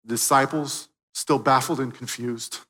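A man preaching a sermon, swinging from loud, emphatic peaks to quiet, hushed moments. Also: mid-range voice, steady tone, moderate pace, long reverb tail. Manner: dynamic preaching, swelling loud then dropping soft.

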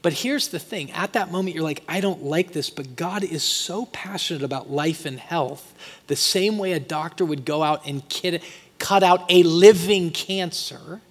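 A man preaching a sermon as pastor, talking conversationally and swinging from quiet asides to loud, emphatic peaks. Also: fairly high pitch, unhurried, husky. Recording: long hall reverb.

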